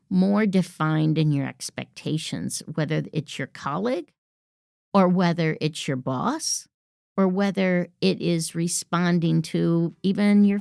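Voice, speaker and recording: A woman's voice: lowish voice, vocal fry, a little mellow, no room sound, clean studio sound. A woman hosting a workplace podcast, coaching listeners in an assertive manner and acting out example phrases. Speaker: podcast host. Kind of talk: instructive podcast monologue.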